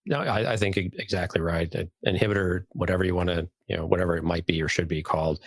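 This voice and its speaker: A podcast co-host chats fast in a jokey, enthusiastic way. His voice is very deep with a husky edge. The sound is dry and close to the mic. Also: steady tone, no echo. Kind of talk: casual chat.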